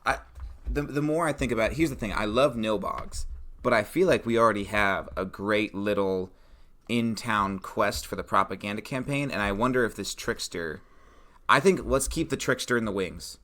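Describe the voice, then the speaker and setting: Man, bright, lowish pitch, casual tabletop brainstorming, animated, acts out players. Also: moderate pace. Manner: animated, acts out player reactions, frequent fillers. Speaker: podcast co-host designing a tabletop adventure.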